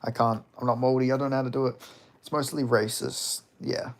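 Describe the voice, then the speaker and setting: A man's voice: mid-range voice, steady tone, a little fast. A young man chatting casually on a livestream, rambling and reading out comments, with lots of fillers and swearing. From Australia. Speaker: streamer.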